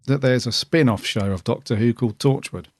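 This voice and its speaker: A man's voice: mid-range voice, fairly quick, darkish tone, no echo. A man co-hosting a casual podcast, jokey and chatty, laughing often and restarting sentences. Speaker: podcast co-host.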